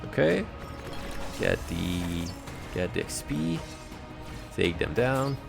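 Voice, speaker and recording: Low gravelly guy playing a game, cracking jokes, reading the upgrades out loud. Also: sing-song, slow pace. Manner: joking, reads upgrade text aloud. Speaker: gaming channel host. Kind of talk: casual gameplay commentary. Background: game music.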